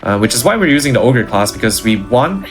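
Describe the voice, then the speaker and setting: A man's voice: medium pitch, very animated, fairly quick, faint music behind. A man explaining his speedrun route in an easygoing, casual way as he plays. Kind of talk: casual gameplay commentary.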